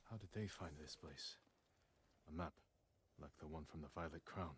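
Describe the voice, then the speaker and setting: A grave, deep-voiced samurai. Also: male voice, normal speed, a little hiss or hum. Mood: musing. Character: stoic male samurai warrior, grave and measured. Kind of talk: video game voice acting.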